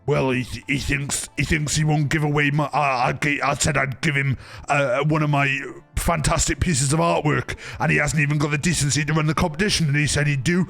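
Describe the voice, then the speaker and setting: A man's voice: on the high side, fairly even intonation, fairly quick, vocal fry, a bit bright, faint music behind, pitched below the performer's own voice. A man doing a huffy, grumbling friend. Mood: indignant. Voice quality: indignant grumbling. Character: grumbling man storming off in a huff.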